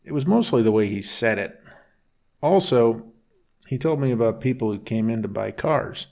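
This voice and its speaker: A man narrating a first-person bedtime story in a calm, unhurried reading voice. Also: medium pitch, creaky.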